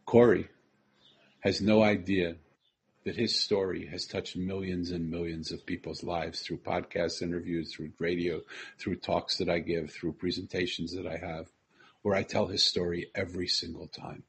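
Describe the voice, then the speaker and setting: A man's voice: deep voice, little pitch movement, moderate pace, gravelly, husky. A man earnestly telling a personal story, repeating phrases and quoting the people he met.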